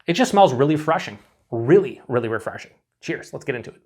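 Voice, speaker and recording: A man talks through a beer review on his own, loose and rambling. He trips over words, circles back and throws in the odd swear word. His voice sits at an ordinary middle pitch. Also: animated, quick pace, darkish tone, slight background noise. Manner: rambling, enthusiastic, frequent "like" and restarts, swears casually. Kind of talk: casual solo review.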